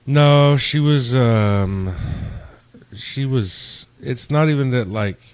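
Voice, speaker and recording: A man's voice: medium pitch, slow pace, clean tone. A young man hosting a podcast, rambling through a story in casual chat and acting out quoted exchanges. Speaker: podcast host.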